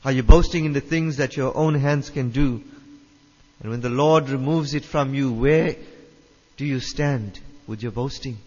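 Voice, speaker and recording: A man's voice: mid-range voice, measured pace, a little mellow. A man preaching a sermon, emphatic, repeating his phrases and putting questions to the listeners. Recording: dull reverberant hall sound.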